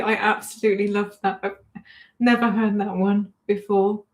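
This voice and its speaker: A chatty woman in her forties hosts a relaxed livestream, answering comments in a friendly, self-deprecating way. She keeps dissolving into giggles between her words. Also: medium pitch, normal speed, slight background noise. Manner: giggly, keeps breaking into laughter. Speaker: livestream host. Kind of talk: casual livestream chat reading comments.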